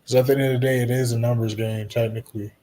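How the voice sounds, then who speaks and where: A man with a dark, mellow voice at an ordinary mid pitch hosts a live stream. He chats loosely and reassuringly with his viewers, answering their comments as they come in. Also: quick pace. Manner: relaxed, reassuring, talks straight to viewers with frequent "you know" and "right?".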